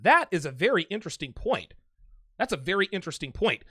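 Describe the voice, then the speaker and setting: Brash high-voiced man hosting a live show. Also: very animated, fast, sharp tone, breathy edge, no echo, studio quality. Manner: brash, emphatic, repeats himself. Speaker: livestream host reading super chats and taking calls. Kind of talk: casual live show chat.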